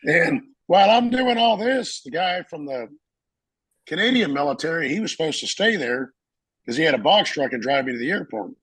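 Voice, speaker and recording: A Marine veteran telling a story in a casual interview, acting out the voices of people in it and laughing often. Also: male voice, on the high side, expressive, moderate pace, fairly bright tone, breathy edge, dry recording, rough recording.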